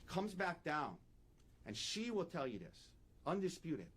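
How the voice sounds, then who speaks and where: A male defense attorney delivers an opening statement in a courtroom. His voice sits a little high and swings widely as he stresses each point, repeating the key facts for emphasis. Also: big pitch swings, a little slow, fairly bright tone, husky.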